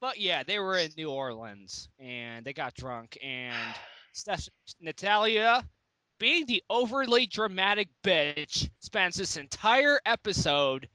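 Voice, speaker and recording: A man's voice: high-pitched, big pitch swings, slow, sharp tone, dry recording, poor audio. A man co-hosting a casual review podcast, recapping episodes in a wry, profane way. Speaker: podcast co-host.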